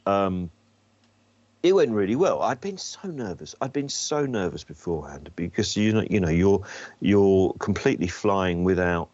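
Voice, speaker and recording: Deep-voiced comedian telling stories. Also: male voice, sing-song, normal speed, a little mellow, no room sound. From England. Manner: self-deprecating, frequent restarts. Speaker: comedian guest. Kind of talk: anecdotal interview storytelling. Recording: dull slightly lo-fi sound.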